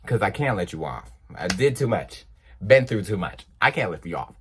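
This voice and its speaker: A man's voice: lowish voice, normal speed, slight background noise. A young man, telling a casual story and acting out the dialogue in quotes. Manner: animated, acts out dialogue in quotes. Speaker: storytime vlogger.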